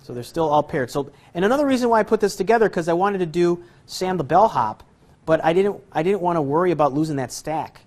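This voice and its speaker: This magic instructor's voice is a little high and darkish in tone, fast with lively intonation. He demonstrates card tricks casually, rambling, self-deprecating and jokey, with frequent chuckles.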